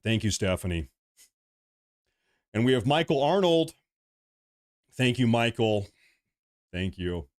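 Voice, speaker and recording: A man's voice: fairly low pitch, takes it slowly, pauses often. Agitated man ranting on a livestream. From United States. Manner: agitated ranting, then calming down. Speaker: livestream host. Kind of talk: livestream commentary.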